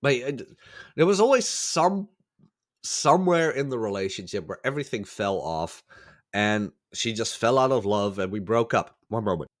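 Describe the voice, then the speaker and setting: A man with a lowish voice and lively intonation talks at a moderate pace as a podcast guest, telling stories in casual chat. He rambles, corrects himself along the way, and acts out quoted voices, all while still getting over a cold.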